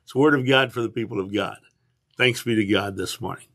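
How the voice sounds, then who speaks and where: An older man, a pastor, giving a livestreamed morning devotion in an earnest, unhurried way, with frequent restarts. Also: lowish voice, fairly bright tone.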